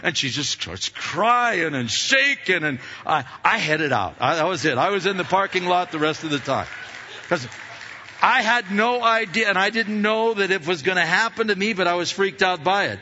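A man tells a story from the pulpit, stumbling and repeating words as he builds it up. His voice is bright and forceful and sits a little high for a man. The recording sounds slightly dull and lo-fi. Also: expressive, moderate pace. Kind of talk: sermon storytelling.

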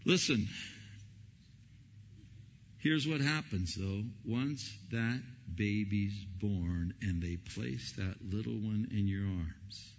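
A man preaching a sermon as pastor, telling stories and acting out the quotes with lively energy. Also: lowish voice, slow pace. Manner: animated storytelling, acting out quotes. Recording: lo-fi recording in a reverberant hall.

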